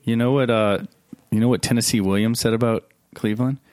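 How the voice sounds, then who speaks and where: A man, a priest, hosting a casual podcast chat, animated and laughing often, jumping up high for emphasis. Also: a little fast, dry recording, studio quality. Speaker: podcast host; Catholic priest.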